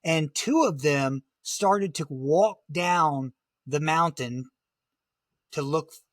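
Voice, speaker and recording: A man talking through a dramatic survival story in conversation, halting and full of fillers. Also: on the high side, fairly bright tone, no echo, clean studio sound. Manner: vivid, halting retelling with many "like" fillers. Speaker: guest, motivational speaker.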